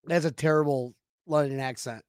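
A man co-hosting a casual sports podcast, loud and joking, swinging between shouting and mumbling. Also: on the high side, fairly even intonation, moderate pace, no echo. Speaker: podcast co-host.

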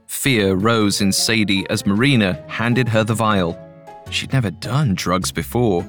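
A man narrating a scripted horror story in a measured, even way. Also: lowish voice. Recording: faint music bed.

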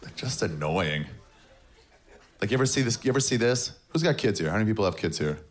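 A man doing a stand-up comedy set in front of a live audience, with a deadpan, sarcastic delivery. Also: fairly low pitch, fast talker. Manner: deadpan, sarcastic, mocking voices of others.

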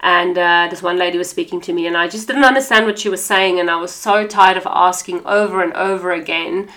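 An earnest woman from South Africa hosts her own faith podcast and tells her story in a relaxed, conversational way. Her voice sits a little low, and she often leans on small fillers as she talks. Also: brisk, few pauses. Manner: earnest, conversational, frequent "you know" fillers. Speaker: podcast host. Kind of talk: personal testimony monologue.

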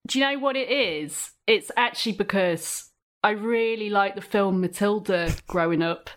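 A woman on a podcast as a guest, rambling cheerfully and giggling between thoughts. Her voice is medium in pitch and relaxed. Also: moderate pace. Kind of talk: casual chat.

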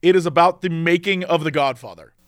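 A man with a high, eager voice rambles through a casual podcast chat and laughs often. The sound is close and dry, with no room around it. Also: brisk, no room sound. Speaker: podcast co-host.

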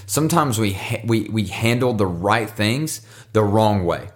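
A man's voice: lowish voice, animated, a little slow. A man hosting a devotional podcast, talking casually and earnestly, encouraging listeners and often repeating words as he goes. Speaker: podcast host.

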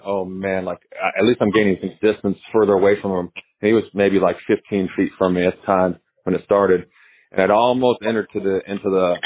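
A former pitcher as a guest, telling stories in a rambling, casual way, often repeating himself and laughing. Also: male voice, dry recording. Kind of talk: casual storytelling interview. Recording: tinny phone line.

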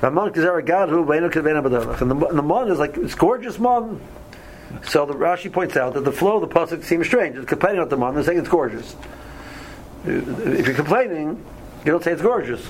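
A man's voice: on the high side, animated, normal speed, slight background noise, rough recording. A man leading a casual Torah study class, often stumbling over and repeating words, reading Hebrew verses aloud and then explaining them.

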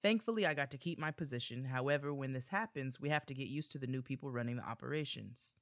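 Bright, animated male podcast co-host. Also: medium pitch, quick pace, no echo, clean studio sound. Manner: animated, joking, reads letters aloud. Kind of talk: casual chat and ad read.

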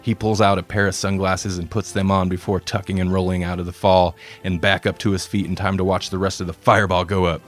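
A man reading a comedic story aloud in a relaxed way, with dry asides. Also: deep voice, a little fast, hardly any pauses. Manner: relaxed, self-deprecating asides.

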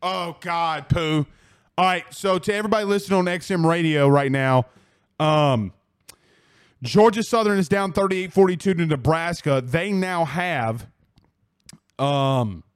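A man's voice: fairly high pitch, clean tone. A man hosting a sports talk radio show, ranting in a profane, fired-up way and hammering his points through repetition.

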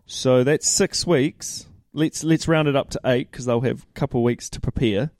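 A laid-back man gives blunt opinions in a casual sports chat. His voice is dark and warm, close and dry. He talks at a middle pitch. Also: normal speed, no room sound. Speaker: podcast co-host.

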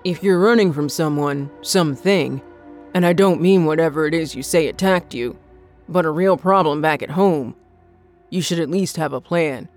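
Woman reading a wary bearded loner man, gruff and clipped, story narration. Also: low voice, moderate pace, a little mellow, faint music behind, close to an everyday voice. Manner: guarded, suspicious. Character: gruff burly bearded man living alone. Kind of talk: audiobook narration.

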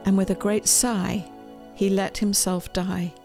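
Female author reading her storybook aloud, gentle, expressive, mid pitch, soft music bed. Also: unhurried. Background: faint music.

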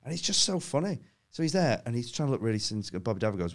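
A man's voice: mid-range voice, sing-song, fast talker. A man, a comedian guest on a podcast, telling anecdotes in casual chat and laughing at his own stories.

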